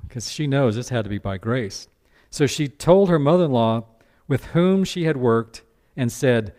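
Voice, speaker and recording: A man preaching a sermon as pastor, animated, breaking into character voices. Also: mid-range voice, measured pace.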